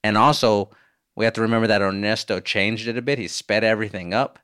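A man in his thirties hosting a podcast, answering listener voicemails with animated, jokey storytelling and casual swearing. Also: lowish voice, fast talker, clear, resonant tone, no echo, studio quality. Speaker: podcast host.

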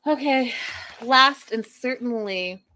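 A woman's voice: a little high, takes it slowly, bright, forceful tone, a little hiss or hum. Blunt woman recapping a reality show. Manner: blunt, exasperated, talks straight to the cast. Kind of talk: casual commentary.

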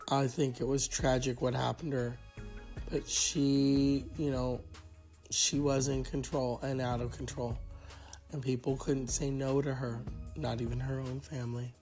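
Male podcast host, creaky mid-range voice, profane rambling sarcasm. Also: medium pitch, darkish tone. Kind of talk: casual solo podcast rant.

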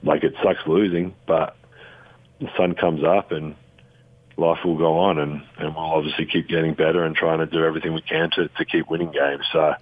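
Super deep aussie guy rambling on a radio call, lots of ums, dry sound. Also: little pitch movement, normal speed, no room sound, narrow, tinny audio. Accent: Australian. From Australia. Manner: easygoing, rambling with many fillers and restarts. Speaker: guest. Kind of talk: casual radio phone interview.

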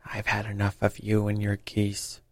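A man voicing a surly market salesman who talks gruffly and blusters. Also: lowish voice, completely flat delivery, moderate pace, dry recording, lightly acted. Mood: angry.

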